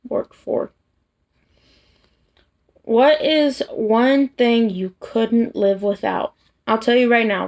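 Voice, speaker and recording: A woman vlogger chatting casually to camera, soft and hesitant, tired after work. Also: on the high side, vocal fry. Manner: soft, hesitant, with many restarts and fillers. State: tired, yawning. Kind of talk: casual personal chat to camera.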